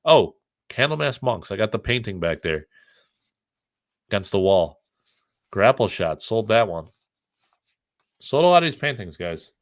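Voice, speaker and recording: A man's voice: on the low side, big pitch swings, measured pace, pauses often. A middle-aged man from the United States hosting a casual live stream, joking, rambling and reading the chat aloud.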